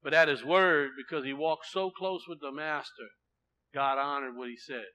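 A man preaching a sermon, swinging between loud proclaiming and quiet, low asides, often repeating himself. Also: normal speed, low-quality recording.

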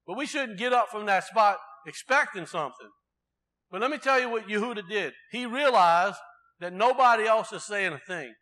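Bright high-voiced man preaching. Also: moderate pace. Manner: conversational preaching with rhetorical questions to the congregation. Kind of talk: sermon.

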